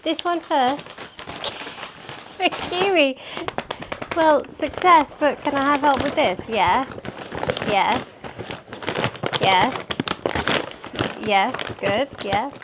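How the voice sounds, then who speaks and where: A woman talks slowly and unhurriedly from her living room, her voice sitting a little high. She chats in a self-deprecating way, laughs often, and drops into soft baby talk when she turns to her dog. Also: heavy background noise. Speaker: vlogger. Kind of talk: casual vlog chat. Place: home living room, indoors.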